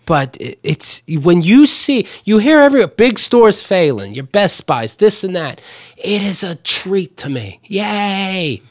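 A man's voice: high voice, big pitch swings, a little slow, no echo, clean studio sound. A man hosting a podcast, telling a profane, ranting story in casual comedic chat. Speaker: podcast host.

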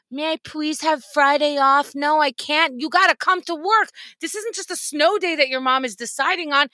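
A woman's voice: high voice, sharp tone, dry recording, clean studio sound. A woman co-hosting a podcast, ranting in casual comedic chat, exasperated and profane. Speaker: podcast co-host.

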